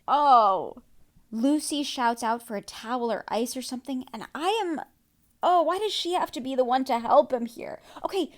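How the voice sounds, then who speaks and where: A woman hosting a podcast, recapping a TV episode in casual chat, reacting excitedly with lots of fillers. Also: sits high. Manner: excitable, reacts loudly with gasps and exclamations; chatty, many "like" and "um" fillers. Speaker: podcast host.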